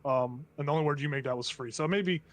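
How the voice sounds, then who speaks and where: A man's voice: on the high side, quick pace. A man narrating as game master of a tabletop game in a loose, joking way.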